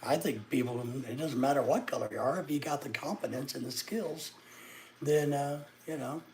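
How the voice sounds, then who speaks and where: A man's voice: medium pitch, normal speed, a little mellow, slight background noise. A middle-aged man from Arkansas, chatting casually with viewers on a livestream and teasing them sarcastically. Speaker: livestreamer answering chat.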